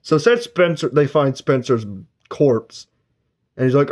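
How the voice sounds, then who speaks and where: A man's voice: medium pitch, normal speed, a little mellow, lo-fi sound. A man giving a casual, rambling spoken book review, retelling the plot and briefly acting out characters' lines. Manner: rambling plot recap with filler words.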